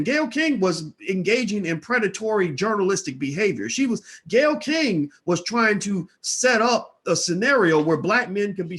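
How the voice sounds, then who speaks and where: A man with a slightly high voice speaks straight to his online audience in casual commentary. He presses hard, demanding yes-or-no answers again and again. He often stumbles and restarts his words as he goes. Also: a bit bright, breathy edge. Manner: stammering restarts.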